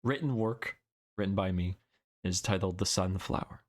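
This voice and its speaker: A man's voice: low voice, moderate pace. A young man streaming as a VTuber, chatting with viewers and reciting his own poetry in a dramatic way. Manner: dramatic recitation, then playful chat with silly noises. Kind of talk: casual stream chat and poetry reading.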